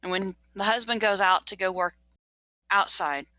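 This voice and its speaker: Dramatic, bright-voiced woman storyteller. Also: medium pitch, moderate pace, dry recording, low-quality recording. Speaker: game master. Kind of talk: storytelling in a tabletop game session.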